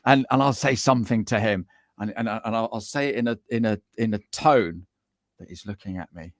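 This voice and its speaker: Cheeky animated man, dry sound. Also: lowish voice, a little fast, dry recording. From England. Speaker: guest, business coach. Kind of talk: casual chat on a podcast.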